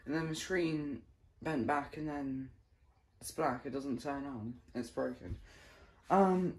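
A woman with a hoarse, failing voice, chatting casually and rambling in a silly vlog. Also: rumbling low, slow pace, darkish tone. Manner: rambling, silly, filler-heavy. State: hoarse, losing her voice. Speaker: vlogger.

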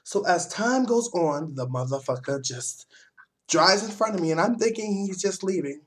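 Young man, vlogger, casual storytelling rant, profane, animated. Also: sits high, moderate pace, a little hiss or hum.

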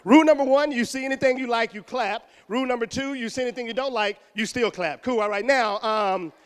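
A man from Houston entertaining a middle school assembly, teasing and calling out loudly to the kids. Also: extremely high pitch, fairly quick, clear, resonant tone. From Houston, Texas. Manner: loud, teasing, calls out to the audience. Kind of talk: joking live show banter with a crowd. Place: middle school gym or auditorium.

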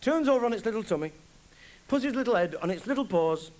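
A middle-aged stand-up comedian with a high-pitched, darkish voice tells a rambling story fast and animatedly, acting out both sides of awkward conversations. It's a live concert recording from a theatre stage, with audience noise.

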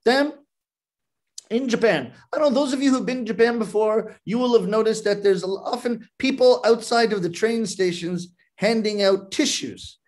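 A man's voice: high-pitched, normal speed, darkish tone. A man from Canada, a native English speaker, telling comic stories in a talk and acting out the voices of other people. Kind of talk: humorous storytelling talk. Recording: online video call.

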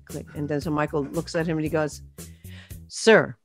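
A woman singer telling stories about her career in a casual interview, animated, with many fillers and restarts. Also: low-pitched, fast talker, soft background music.

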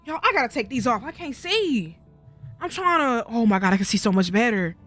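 While streaming a video game, a woman offers sassy, profane, casual commentary and answers back at the on-screen characters. Her voice is a little high, animated, and fairly bright, moving fairly quickly, with faint music behind her.

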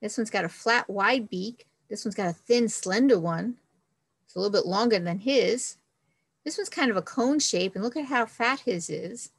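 A woman's voice: mid-range voice, moderate pace, vocal fry, slightly rough, no room sound, poor audio. A woman, a children's librarian, reading a picture book and leading a friendly, upbeat science lesson for kids.

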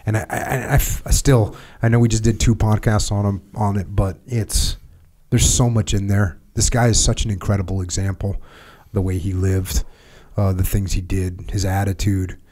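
A middle-aged man hosting a podcast, reading a passage aloud in a measured, emphatic way and then reflecting in low-key, rambling talk. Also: level tone, warm tone. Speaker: podcast host.

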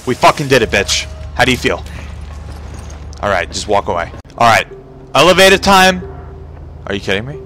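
A man commentating a video game playthrough, swearing constantly and shouting when panicked. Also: mid-range voice, expressive, moderate pace, pauses often. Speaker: gamer. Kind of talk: profane let's-play commentary. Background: game music and sound effects.

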